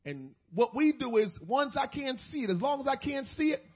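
A man with a very high, husky voice preaches a sermon. He slips from low, joking asides into shouted, rising peaks. The recording is dull and muffled. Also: expressive, brisk. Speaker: pastor.

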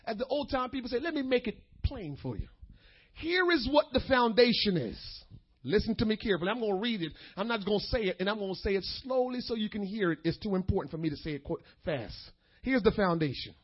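A man preaching a sermon, shifting between quick asides, slow emphatic phrases and bursts of shouting. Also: high-pitched, animated, slightly rough, highs cut off. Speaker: pastor.

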